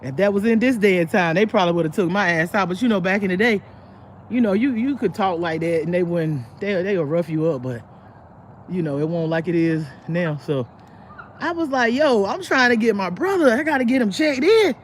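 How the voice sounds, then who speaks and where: A woman hosting her own livestream, telling a long story to her viewers in a blunt, profane, rambling way, full of restarts, and bursting into animated impressions of the people in it. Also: on the low side, fairly quick, slight background noise. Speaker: livestream host. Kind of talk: casual live storytelling to viewers.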